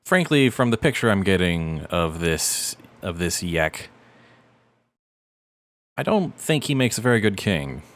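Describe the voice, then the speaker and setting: A man playing a tabletop role-playing game, speaking in a wry, deliberate way. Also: sits low, very animated, a bit bright. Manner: wry, deliberate, thinking aloud. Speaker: player.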